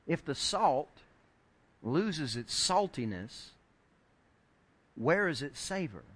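A middle-aged man preaching a sermon, telling a story with lively acted-out quotes and building to shouted points. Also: on the high side, takes it slowly. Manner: animated storyteller acting out quoted voices, rising to shouts. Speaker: pastor.

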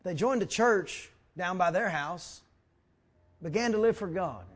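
Man, pastor, sermon, high voice, lively storytelling, acts out quotes. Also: a little slow. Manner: animated, acts out quotes, repeats words when excited.

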